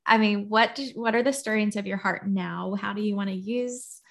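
A woman's voice: medium pitch, moderate pace, vocal fry, fairly bright tone. A woman hosting an interview, asking friendly questions in a casual chat and laughing along. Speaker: host.

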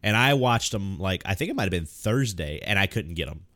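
A man's voice: deep voice, lively intonation, brisk, pushed and bright, no echo, studio quality. A man co-hosting a podcast, chatting casually and chiming in with short quips. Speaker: podcast co-host. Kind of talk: casual chat.

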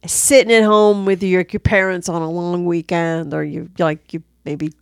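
A woman co-hosting a casual movie review chat, talking in halting starts and laughing often. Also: fairly low pitch, steady tone, vocal fry, smooth, no echo, studio quality. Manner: halting, lots of restarts and laughs. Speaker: podcast co-host.

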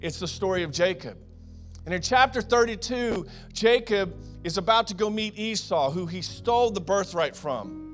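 A middle-aged man preaching a sermon, telling personal stories in a lively, conversational way and calling the congregation "guys". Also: high-pitched, normal speed, soft background music. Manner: storytelling, animated and conversational, addressing the congregation as "guys". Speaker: pastor.

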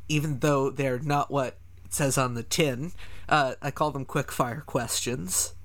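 A man's voice: mid-range voice, fairly even intonation, measured pace, a bit bright. A man hosting a podcast, asking questions in a wry, casual chat. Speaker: podcast host.

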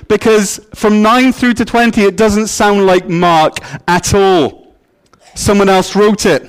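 A man preaching a sermon as pastor, in a playful, joking storytelling manner. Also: high-pitched. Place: church.

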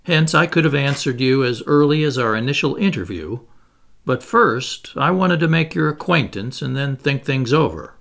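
Guy voicing a cool ship captain, calm and precise, gravelly edge, lots of lift in the voice. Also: medium pitch, normal speed. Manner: calm, penetrating, precise speech. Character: calm, commanding male ship's commander.

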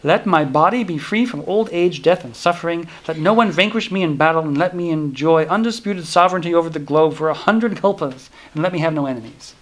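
A proud king, blinded by his wishes, speaks earnestly and pleads, read out by a man in a slightly high voice. There is no acted-up voice, only plain earnest reading. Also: brisk, few pauses, natural voice.

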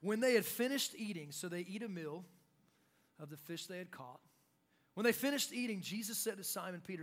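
Young male pastor, light high voice, lively sermon delivery with acted-out lines. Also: fairly quick. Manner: animated, acts out shouted quotes.

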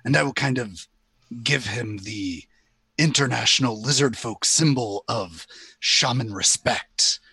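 A man plays a tabletop game, talking slowly with a gravelly, husky edge. His voice is bright and close, with a dry, unreverberant sound. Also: medium pitch, dry recording. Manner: slow, wry, in-character asides. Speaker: player. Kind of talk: casual tabletop play.

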